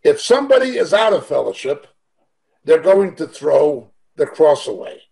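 A middle-aged man preaches in an online Bible study, heard through a video-call mic. His voice sits a little high, and he drives his points home with earnest emphasis and rhetorical questions. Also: big pitch swings, normal speed, creaky, mellow. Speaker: Bible teacher.

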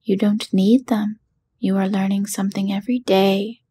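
A woman's voice: medium pitch, flat delivery, moderate pace, warm tone, husky, close to an everyday voice. A woman voicing a humbled little man posing as a wizard, in whispered role-play with a meek, apologetic manner.

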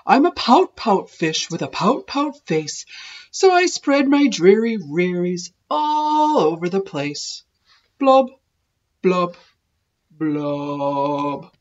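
A woman voicing a glum, resigned male fish in a rhyming children's storybook, with sagging low line endings. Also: big pitch swings, slow, highs cut off. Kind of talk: children's storybook read-aloud.

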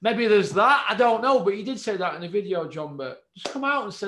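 A man's voice: high-pitched, animated, brisk, few pauses, a bit bright, reverberant. A man with a Yorkshire accent, from Doncaster, hosting a boxing channel and speaking straight to camera in a confrontational, taunting way. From Doncaster, England. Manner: confrontational, taunting, repeats the name he addresses. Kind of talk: direct-to-camera challenge monologue.

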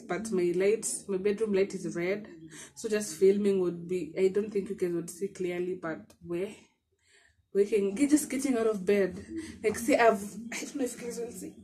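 A woman's voice: medium pitch, mellow. Chatty Kenyan woman, short of breath. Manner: chatty, laughs often, mixes in Swahili words. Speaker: vlogger. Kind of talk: casual chat to camera. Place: bedroom at home.

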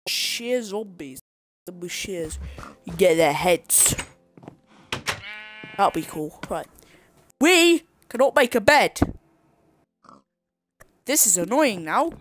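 A woman giving rambling, excitable gameplay commentary, talking to herself and swearing at the game. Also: medium pitch. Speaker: gameplay video creator.

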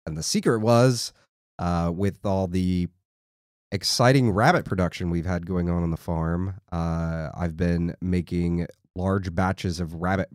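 A man hosting a podcast, chatting in a relaxed, rambling, joking way. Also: sits low, unhurried, no echo, clean studio sound. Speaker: podcast host. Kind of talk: casual chat.

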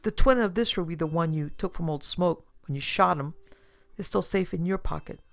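A woman voicing a calm, amiable male detective who lays out his accusations in a casual, even tone. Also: lowish voice, moderate pace, creaky, dry recording. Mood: calmly accusing.

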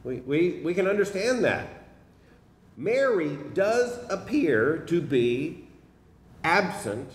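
A man's voice: a little high, sing-song, takes it slowly. A middle-aged man preaching a sermon in a seminary chapel, emphatic and driving his points home by repeating phrases. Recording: echoey hall from a distance.

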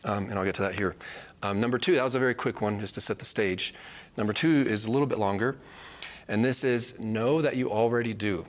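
Earnest guy w/ teaching bible study, lowish voice, keeps repeating the main point. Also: brisk, slight background noise. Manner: earnest, repeats key phrases for emphasis.

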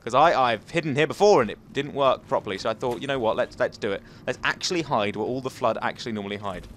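A young man giving casual, excitable commentary over gameplay. He yelps and chatters at the game as he plays. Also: medium pitch, quick pace, slight background noise. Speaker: gaming commentator.

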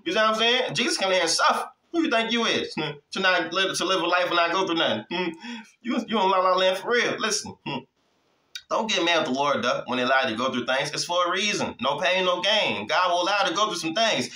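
A man preaching the Bible in a casual, street-style way, checking in with listeners and laughing between points. His voice sits a little high and very bright. It echoes in a roomy space. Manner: street-casual, repeats lines and checks in with "hmm?". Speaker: Bible teacher. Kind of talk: informal preaching.

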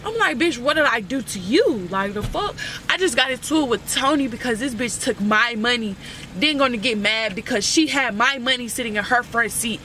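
A woman's voice: fairly high pitch, expressive, a little fast. A young woman, a reality show cast member, telling a heated story in casual speech and cussing a lot. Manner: heated, exasperated venting with lots of cussing. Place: outdoors at night, then heading indoors. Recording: distant mic with loud background noise.

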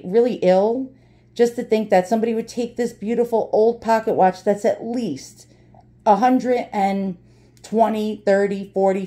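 A woman's voice: mid-range voice, dark tone. A woman hosting a casual unboxing vlog, blunt and indignant, swearing freely. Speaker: antique jewelry vlogger.

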